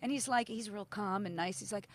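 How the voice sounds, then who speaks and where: A woman's voice: medium pitch, fairly quick. A middle-aged woman, co-hosting a casual podcast chat and telling stories, acting out quotes and swearing freely. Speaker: podcast co-host.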